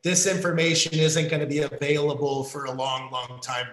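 An American man in casual conversation, talking haltingly with many fillers and restarts. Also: fairly high pitch, steady tone, fairly bright tone, echoey room, rough recording. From United States.

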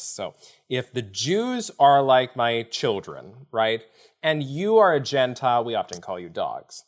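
A man's voice: mid-range voice, measured pace. A man who is a podcast guest and author, explaining a Bible story in conversation and acting out the speakers he quotes. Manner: animated, acts out quoted speakers while explaining.

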